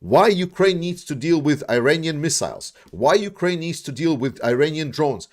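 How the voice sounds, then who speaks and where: A man giving casual commentary and answering viewer questions, speaking bluntly with many restarts, fillers and some swearing. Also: a little high. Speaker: YouTube war commentator.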